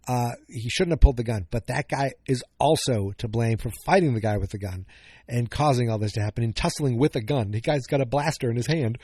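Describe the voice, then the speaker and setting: A male podcast host talks through an episode recap in a loose, rambling way. He trips over words, corrects himself, and tosses in jokes as he goes. His voice is mellow and dark, recorded close and dry, at a middling pitch. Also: fairly quick, no echo. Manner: rambling, self-correcting, jokey.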